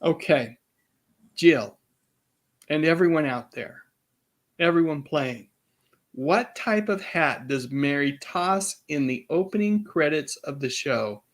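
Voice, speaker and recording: A man hosting a live-stream trivia quiz, chatty and reading out the answer choices slowly. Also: fairly high pitch, lively intonation. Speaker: host.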